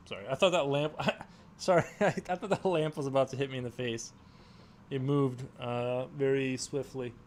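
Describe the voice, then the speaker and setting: A man's voice: mid-range voice, fairly even intonation, normal speed, a little hiss or hum. A man hosting a casual livestream, chatting and reading out viewer comments in a rambling, unsure way. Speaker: livestream host. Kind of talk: casual chat while sketching.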